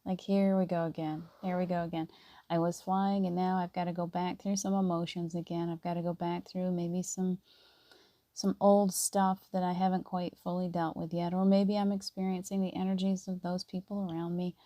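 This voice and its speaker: A middle-aged woman speaks softly and earnestly to her live-stream viewers, greeting them by name as she goes. Her voice sits low and mellow with a flat, steady melody. The recording is dry and close. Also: moderate pace, no echo. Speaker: spiritual live-stream host. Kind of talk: casual spiritual live-stream talk.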